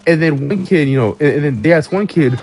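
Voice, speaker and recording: A man's voice: fairly high pitch, fast, darkish tone. A man ranting casually to camera, stammering and swearing, often breaking into laughs. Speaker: vlogger. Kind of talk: casual rant.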